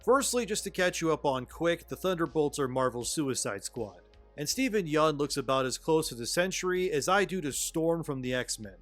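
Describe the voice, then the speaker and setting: A man's voice: a little high, expressive, moderate pace, soft background music. Sarcastic man narrating scripted commentary. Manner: sarcastic, exasperated.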